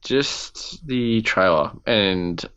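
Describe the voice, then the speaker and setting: A man's voice: fairly low pitch, expressive, very slow, sharp tone, smooth, dull audio. A man co-hosting a casual gaming podcast, teasing his partner with laid-back banter and short reactions. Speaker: podcast co-host.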